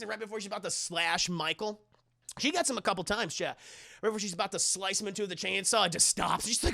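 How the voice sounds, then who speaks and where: A young man streamer giving a profane, animated comedic movie recap to his chat, often laughing. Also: high voice, quick pace, creaky.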